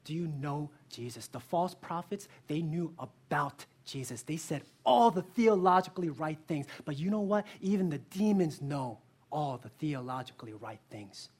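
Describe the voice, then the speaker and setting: A man's voice: fairly high pitch, normal speed, hardly any pauses, breathy edge. A male pastor preaching a sermon in an earnest way, asking the listeners direct questions and telling stories with energy. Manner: lively storytelling.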